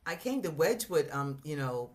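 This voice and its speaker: A woman sharing a personal testimony in a church discussion, reflective and halting, with many fillers and restarts. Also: deep voice, very animated. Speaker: congregation member sharing testimony.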